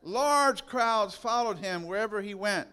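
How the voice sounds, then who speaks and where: A male pastor preaching a sermon in church, retelling Bible passages with emphatic, drawn-out stresses and touches of humor. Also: sits high, expressive, sharp tone, clear, resonant tone.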